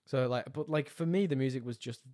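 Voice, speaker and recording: A man's voice: mid-range voice, fairly quick, a little mellow. A man co-hosting a podcast, talking in an easygoing, enthusiastic way and thinking aloud with fillers. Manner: enthusiastic, talks through ideas with fillers. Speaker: podcast co-host. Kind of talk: casual chat.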